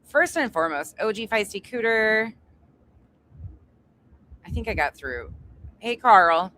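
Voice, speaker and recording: Her medium-pitched voice is expressive, bright, and forceful at a measured pace as she runs a casual livestream indoors at home. Chatty and greeting viewers individually, she swears freely. Construction noise comes from upstairs, and the recording is rough.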